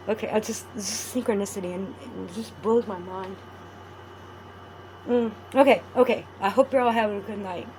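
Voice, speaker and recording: A woman's voice: medium pitch, steady tone, moderate pace, slight background noise. A woman chatting casually to her viewers while crafting at home, rambling and friendly. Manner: rambling, chatty, talks to viewers warmly as "adorables". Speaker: vlogger.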